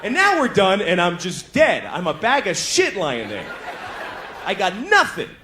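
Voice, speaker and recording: A middle-aged man performs stand-up comedy, his voice set fairly high and swinging wildly in pitch as he acts out voices and moans. A faint hiss of background noise sits under the recording. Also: measured pace. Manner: animated storytelling, acting out voices and moans.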